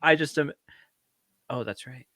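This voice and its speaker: A man's voice: a little high, a little slow, bright, forceful tone. A man co-hosting a casual film podcast. He talks in a laid-back way, riffs on jokes and laughs often. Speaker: podcast co-host. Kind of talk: casual film-review chat.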